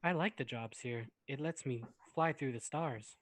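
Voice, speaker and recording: A man's voice: mid-range voice, normal speed. A man playing in a tabletop role-playing game, giving short, cheerful replies. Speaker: player. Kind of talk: casual tabletop play.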